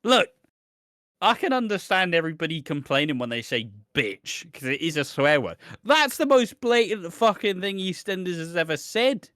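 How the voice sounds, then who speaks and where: A man, co-hosting a casual podcast and telling stories in an animated, sweary way. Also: on the high side, normal speed, few pauses, dry recording, clean studio sound. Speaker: podcast co-host.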